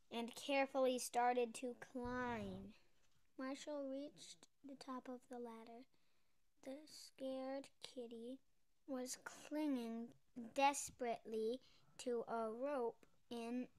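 A woman reading a children's picture book aloud as a storybook reader, gentle and expressive. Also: sits high, slow pace.

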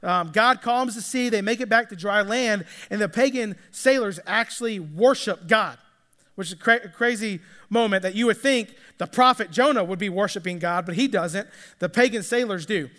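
A man's voice: sits high, normal speed, fairly bright tone, big-room sound. A man preaching a sermon, retelling a story in a casual, conversational way and acting out the characters' lines. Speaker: pastor.

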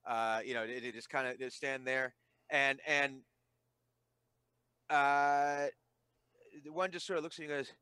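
A man narrating a tabletop game as game master, halting and restarting often as he describes the scene. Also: mid-range voice, little pitch movement, bright, forceful tone, clean tone, no echo, studio quality. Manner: halting, full of restarts and fillers.

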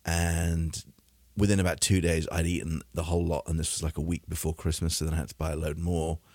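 Man, from Britain, deep low voice, rambling casual chat, dry recording. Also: flat delivery, fairly quick, a little mellow, no echo. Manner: easygoing, rambling, laughs at himself.

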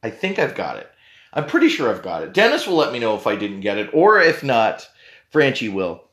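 A man's voice: mid-range voice, wildly swooping pitch, fairly quick, fairly bright tone. A man hosting a casual podcast, rambling and joking at his own expense. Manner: rambling, joking, self-deprecating. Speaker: podcast host and tea company owner. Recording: roomy echo.

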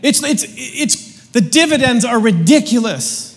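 Pastor, male, high-pitched, chatty and jokey, preaching in a reverberant hall. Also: expressive, a little slow. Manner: casual, joking, slangy preaching with lots of restarts. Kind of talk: sermon.

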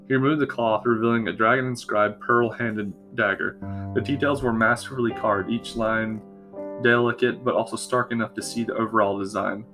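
Man narrating a fantasy story slowly. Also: on the low side, steady tone. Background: soft guitar music.

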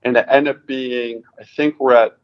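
A man's voice: medium pitch, moderate pace, highs cut off. A man from Connecticut, a racing driver guest, telling his story in a casual interview and acting out the dialogue. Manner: animated retelling, acts out quoted dialogue.

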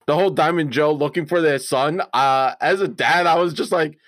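A man with a slightly high voice, recorded close and dry, retells moments from the game with rising enthusiasm. He tells stories in a casual, animated way over an online voice call. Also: normal speed, dry recording. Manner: animated storytelling, rising when excited. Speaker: player. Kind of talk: casual post-game chat.

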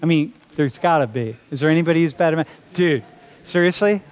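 A man's voice: fairly high pitch, brisk. A man teaching a college class, talking in a joking, casual way and calling students dude and bro. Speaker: college instructor. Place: lecture classroom.

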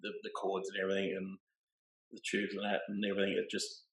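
A man's voice: low voice, monotone, fast talker. Laid-back man, roomy sound. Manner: laid-back, rambling, laughs often. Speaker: interview guest. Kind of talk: casual storytelling. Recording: roomy echo.

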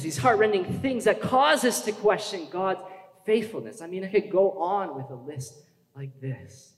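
A man's voice: high voice, expressive, moderate pace. A man preaching a sermon in a conversational way, asking the congregation questions and building to urgent emphasis. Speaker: pastor. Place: church hall. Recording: echoey hall with long reverb.

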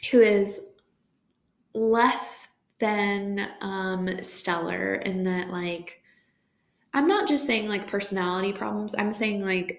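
An expressive, exclamatory woman co-hosting a podcast, with a gravelly vocal fry running through her voice. Her words bounce around an echoey public room. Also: medium pitch. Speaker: podcast co-host. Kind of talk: casual chat. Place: public venue.

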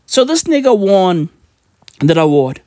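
A woman's voice: mid-range voice, sing-song, a little slow, dark tone, no room sound. A woman ranting on a podcast in casual, profane, slangy talk, emphatic and mocking.

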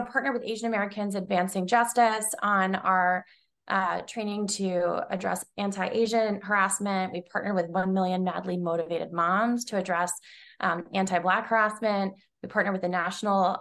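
A woman's voice: mid-range voice, a bit bright. A woman in her forties, a nonprofit leader speaking as an interview guest, earnest and full of fillers and restarts. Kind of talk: conversational interview.

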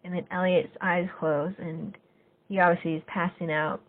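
Lady podcast host walking thru an episode recap, lowish voice, sounds like a phone line. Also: moderate pace. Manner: retells scenes step by step, lively when quoting characters.

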